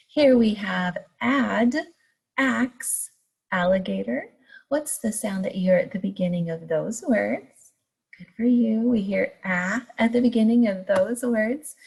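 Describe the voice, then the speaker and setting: A woman teaching young children a phonics lesson, stretching out letter sounds in a slow sing-song way. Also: medium pitch, gravelly, darkish tone, slightly rough. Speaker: kindergarten teacher. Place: home recording for distance learning.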